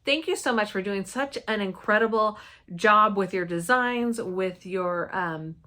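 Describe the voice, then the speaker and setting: A woman's voice: mid-range voice, a little slow, bright, forceful tone. A woman in her forties chatting casually and enthusiastically as she shows her craft supplies to the camera. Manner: chatty and enthusiastic, gushing over colors. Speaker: cross-stitch vlogger. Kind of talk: casual show-and-tell chat.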